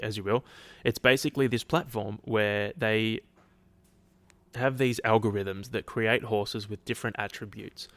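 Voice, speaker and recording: A man's voice: lowish voice, dry recording. A man hosting a casual solo podcast, rambling, restarting sentences and swearing offhandedly, his throat a little dry. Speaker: podcast host.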